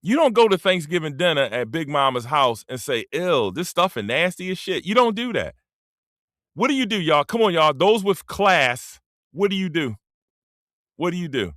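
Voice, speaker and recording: A man's voice: fairly high pitch, big pitch swings, normal speed, a bit bright, dry recording, studio quality. Laughing, rambling man on a livestream. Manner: loose, joking, preachy asides to chat; laughs often mid-sentence. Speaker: livestream host. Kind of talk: casual livestream rant.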